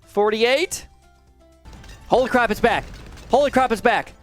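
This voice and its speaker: A young man commentating his gameplay, swinging between low mutters and high, alarmed shouts. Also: a little slow, soft background music. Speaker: gaming commentator.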